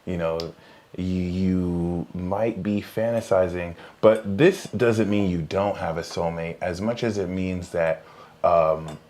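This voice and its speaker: A man's voice: low-pitched, fairly even intonation, slow pace, darkish tone. A man co-hosting a live podcast, reading tarot cards in a casual, joking way and laughing often. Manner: joking, laughs often, trails off mid-sentence. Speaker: podcast co-host, tarot reader.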